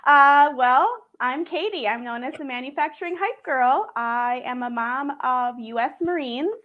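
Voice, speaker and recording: A middle-aged woman guest on a video call, warm and emotional as she introduces herself. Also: sits high, a little slow, narrow, tinny audio. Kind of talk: casual self-introduction.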